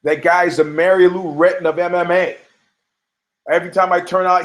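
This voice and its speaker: A man's voice: high voice, flat delivery, normal speed. A man hosting a show, giving brash, profane, rambling opinions on fights with many restarts. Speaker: podcast host. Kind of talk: casual opinionated commentary.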